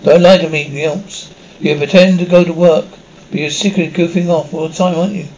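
Stern ghost dad come back from the afterlife to scold his kids, a guy just reading it out, slightly higher voice, muffled lo-fi sound. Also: steady tone, fairly quick, darkish tone, close to an everyday voice. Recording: dull lo-fi with faint hiss.

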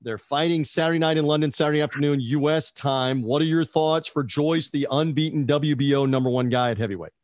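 A man's voice: on the high side, a little fast, few pauses, a little mellow, dry recording, clean studio sound. A man co-hosting a casual boxing talk show, chatty and digressive, asking his co-host questions as he talks. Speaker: podcast co-host.

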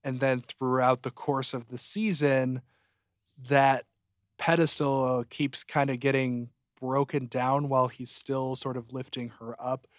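A male podcast co-host in casual, joking chat, recorded close and dry with no room sound. His voice is mid-pitched and springs upward when he gets excited. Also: a little slow, dry recording. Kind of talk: casual chat reviewing a TV show.

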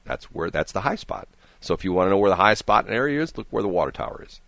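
This man's voice is low and gravelly, slightly bright, with a sing-song, rapid-fire delivery recorded dry on a studio mic. As a morning radio host, he spins meandering, joking stories in casual banter and keeps repeating himself.

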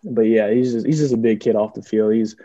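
A man's voice: on the low side, brisk, warm tone. A young man, a college football player, answering interview questions casually, with lots of ums and restarts. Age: young adult. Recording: dull lo-fi audio.

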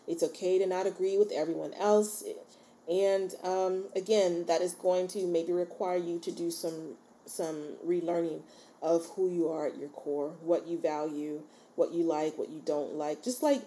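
A woman's voice: fairly low pitch, fairly even intonation, measured pace, warm tone, a little hiss or hum. A woman hosting a solo podcast, talking informally and encouragingly and often checking in with her listeners. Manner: chatty and informal. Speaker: podcast host. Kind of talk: casual solo podcast talk.

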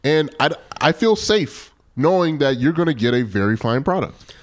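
A man's voice: fairly high pitch, very animated, normal speed. A man co-hosting a casual sports podcast, answering with dry, teasing quips. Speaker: podcast co-host.

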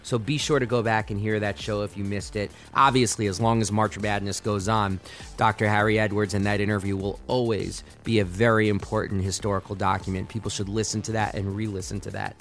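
A man's voice: fairly low pitch, flat delivery, fairly quick, a bit bright, faint music behind. A man hosting a sports podcast, delivering impassioned, argumentative solo commentary.

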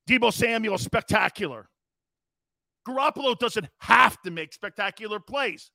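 Loud mocking sports radio guy, high sharp voice. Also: lively intonation, moderate pace, gravelly, dry recording, clean studio sound. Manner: brash, mocking, emphatic. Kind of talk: opinionated sports talk monologue.

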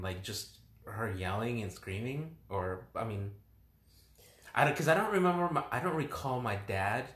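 A young man with a somewhat low voice talks through his thoughts in a slow, reflective way, halting and restarting his sentences. His voice carries the echo of a roomy space around him. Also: a bit bright. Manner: reflective, hesitant, many restarts. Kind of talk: casual conversation. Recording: roomy echoing room.

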